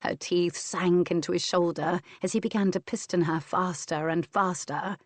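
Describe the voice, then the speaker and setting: Woman audiobook narrator, low, measured, intimate, dry close-miked studio sound. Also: fairly even intonation, dry recording. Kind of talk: scripted narration of a historical romance.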